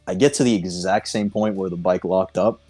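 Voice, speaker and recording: A man's voice: sits low, brisk, warm tone. A man co-hosting a podcast, telling a story in casual chat, swearing often and laughing through it. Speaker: podcast co-host.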